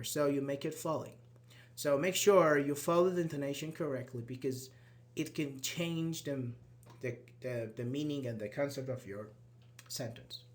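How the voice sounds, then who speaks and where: A man whose first language is Persian, teaching a live online grammar class and explaining step by step while checking in with students. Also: on the high side. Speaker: English teacher.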